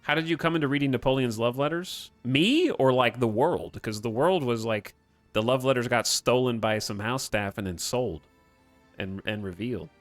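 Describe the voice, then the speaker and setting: A man chatting casually on a live stream, joking and animated, laughing often. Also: mid-range voice, normal speed, dry recording, faint music behind.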